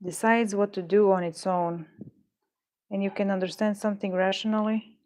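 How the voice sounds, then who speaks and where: A woman's voice: mid-range voice, steady tone, moderate pace, a little mellow. A woman streaming live while she works on beadwork, muttering and rambling in frustration and swearing now and then. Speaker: livestreamer making beadwork. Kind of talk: casual livestream chat while crafting.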